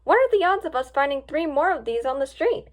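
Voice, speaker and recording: A gentle male giraffe who frets and speaks in a soft, earnest way, as a woman reads him. His voice sits high and shifts often. It is a storybook reading. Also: very animated, a little fast.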